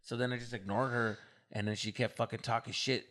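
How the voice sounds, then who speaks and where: A man, co-hosting a podcast and telling a story in casual, animated chat, swearing and mimicking others. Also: medium pitch, brisk. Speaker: podcast co-host.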